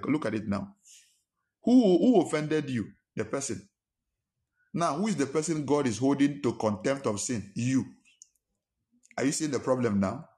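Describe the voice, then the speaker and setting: A man's voice: mid-range voice, darkish tone. A man preaching a sermon as pastor, emphatic and full of rhetorical questions. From Nigeria. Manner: emphatic, fires rhetorical questions, acts out quarrels in a raised voice.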